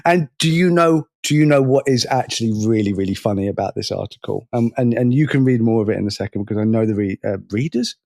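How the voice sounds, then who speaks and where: A man's voice: mid-range voice, fast, vocal fry, few pauses, darkish tone, no room sound, clean studio sound. A young man co-hosting a podcast in casual chat, sarcastic, swearing freely and often stumbling over his words. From Britain. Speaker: podcast co-host.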